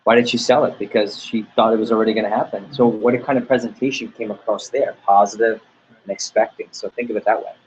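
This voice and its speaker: A man's voice: fairly low pitch, fairly even intonation, fast talker, dull audio, a little hiss or hum. A man leading a sales team training talk, upbeat and motivational, acting out little dialogues as he goes. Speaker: sales office manager.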